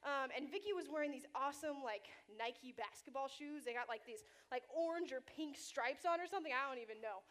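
High-voiced young woman preaching energetically. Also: brisk, hardly any pauses. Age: young adult. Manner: energetic, chatty, playful storytelling. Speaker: youth ministry leader. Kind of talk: youth sermon to middle schoolers. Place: church youth gathering.

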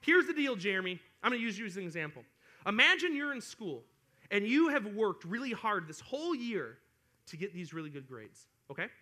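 A young man gives a lively youth sermon to students. His voice is high and bright, and he acts out complaining kids as he talks. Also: fairly quick. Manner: animated, acts out whiny kids. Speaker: youth pastor.

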